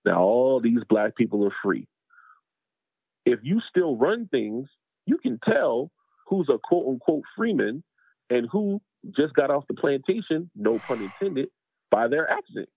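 A man's voice: medium pitch, very animated, measured pace, vocal fry, breathy edge, no room sound. A man from North Charleston, South Carolina, a podcast guest, explaining things emphatically in a conversational interview. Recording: dry, phone-like sound.

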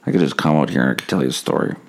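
A man's voice: a bass voice, racing. A man hosting a podcast on his own, rambling and swearing as he tells a story and mocks himself. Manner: rambling, profane, self-mocking. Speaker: podcast host.

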